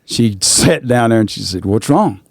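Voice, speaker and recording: A man's voice: medium pitch, animated, normal speed, gravelly, no room sound, clean studio sound. A man, telling a rambling anecdote in a drawling voice and repeating "I said" often. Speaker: rodeo announcer and guest. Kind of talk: casual storytelling.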